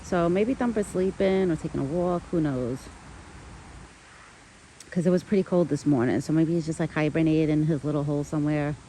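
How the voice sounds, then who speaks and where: A woman's voice: low voice, fairly quick, warm tone, a little hiss or hum, low-quality recording. A woman talking casually to the camera outdoors in a yard, chatty and full of "like" fillers. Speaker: vlogger who cares for a pet deer. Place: outdoors in a yard near a street.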